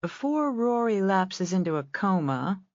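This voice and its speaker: A woman's voice: medium pitch, sing-song, measured pace, darkish tone, no room sound, dull audio, pitched above the performer's own voice. A woman reading a confident young ranch woman with a wry, teasing manner.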